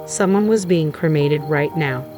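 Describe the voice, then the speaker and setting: A woman narrating a first-person drama story in a measured, grave tone, with music playing underneath. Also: deep voice.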